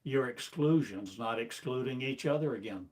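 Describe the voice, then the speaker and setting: A man preaching a sermon as a spiritual teacher, slow and declamatory, firing off one rhetorical question after another. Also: mid-range voice, a little mellow. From United States.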